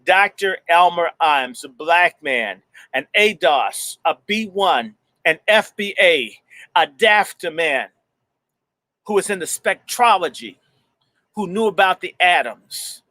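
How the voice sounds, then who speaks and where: A man's voice: high voice, lively intonation, takes it slowly, sharp tone, no room sound. A male host talking with heat and emphasis, repeating phrases for force, and reading passages aloud from a book.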